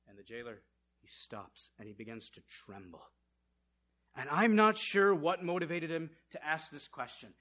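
A man preaching a sermon, swinging from loud passionate outbursts to hushed, intense storytelling. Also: a little high, animated, normal speed.

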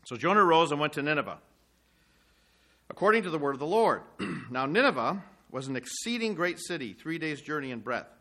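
A man's voice: a little high, very animated, a little fast, pushed and bright. A man preaching a sermon, reading scripture aloud with rising emphasis and explaining it in plain asides.

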